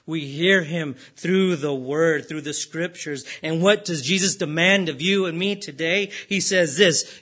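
A man preaching a sermon with a fairly high voice. He speaks earnestly, rising and pressing on key points, then slowing and falling quiet. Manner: earnest preaching, rising for emphasis then dropping low and slow.

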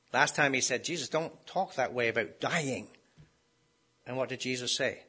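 A man's voice: medium pitch, a little fast, bright, forceful tone, breathy edge. A man preaching a sermon in a conversational way, often asking his listeners rhetorical questions.

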